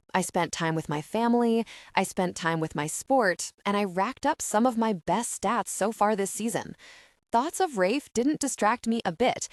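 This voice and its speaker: A woman narrating a first-person romance audiobook with an expressive, upbeat delivery. Her pitch moves a lot while sitting in a middle range. The recording is dry and close with no room sound. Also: dry recording.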